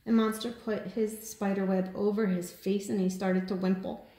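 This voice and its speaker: Lady teacher reading a kids' book, lively storyteller voice, echoey room. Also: medium pitch, normal speed. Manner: animated storytelling, lifting her voice for the children's cries. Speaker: kindergarten teacher. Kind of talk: reading a picture book aloud to children.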